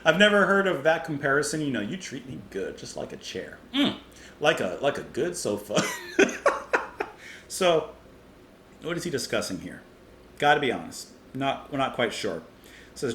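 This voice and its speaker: A man's voice: medium pitch, big pitch swings, moderate pace, pauses often, fairly bright tone. A man hosting a music reaction channel, musing aloud about a song in a chatty way and comparing it to food. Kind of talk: casual music review monologue. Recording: roomy echo, faint background hiss.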